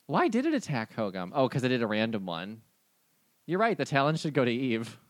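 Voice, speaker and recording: A man's voice: mid-range voice, huge pitch swings, background noise. Laid-back man running a tabletop game. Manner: laid-back, laughs often, slows down to count dice. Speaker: game master.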